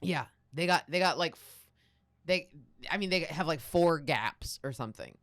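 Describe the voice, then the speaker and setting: Playful Minnesota woman, lively pitch. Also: moderate pace, no echo, clean studio sound. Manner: playful, hams up her home accent. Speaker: comedian guest. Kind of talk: casual podcast chat.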